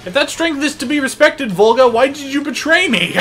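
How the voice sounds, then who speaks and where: A gameplay commentator talking casually over a video game, excitable and sarcastic, often breaking into laughter. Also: sits high, fairly quick, faint music behind. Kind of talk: casual let's-play commentary.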